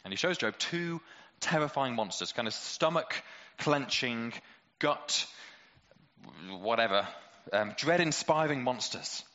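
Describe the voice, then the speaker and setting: A man's voice: medium pitch, expressive, measured pace, bright, forceful tone, in a large hall. Male preacher, chatty sermon, playful rhetorical questions, dull recording. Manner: conversational, lots of rhetorical questions, playful asides.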